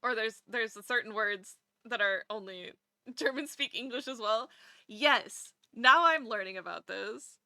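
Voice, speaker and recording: A woman streamer chatting casually while drawing, animated, laughing often and swearing casually. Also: a little high, a little slow, no room sound, clean studio sound.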